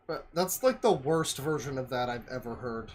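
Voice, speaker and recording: A man's voice: mid-range voice, expressive, moderate pace, darkish tone, slight background noise. A male streamer reacting to a video with sardonic, profane, mocking commentary.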